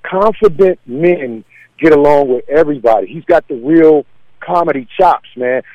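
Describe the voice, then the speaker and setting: Slightly high-voiced comedian, lo-fi sound. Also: male voice, normal speed, no room sound. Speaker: comedian guest. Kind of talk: casual interview talk.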